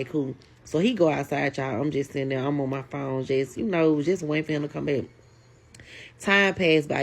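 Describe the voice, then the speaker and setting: A woman tells a casual storytime. She is animated and keeps addressing her viewers directly. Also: low voice.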